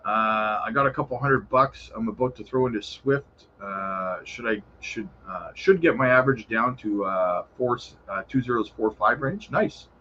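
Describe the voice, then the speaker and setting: A man's voice: fairly low pitch, normal speed, few pauses, sharp tone, highs cut off, a little hiss or hum. A man hosting a casual crypto livestream, answering viewer questions in a laid-back, chummy way and calling viewers brother. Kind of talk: casual live chat reading viewer questions.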